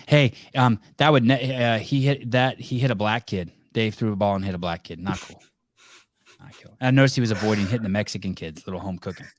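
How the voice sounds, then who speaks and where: A man's voice: fairly low pitch, a little fast, no room sound, studio quality. A man hosting a live call-in podcast, joking and teasing callers in casual, rambling banter. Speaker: podcast host.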